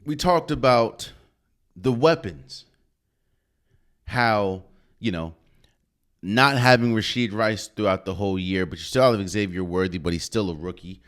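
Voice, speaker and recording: A man's voice: lowish voice, a little slow, pauses often, a bit bright. A man hosting a podcast, giving emphatic solo sports commentary and repeating phrases for effect. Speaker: podcast host.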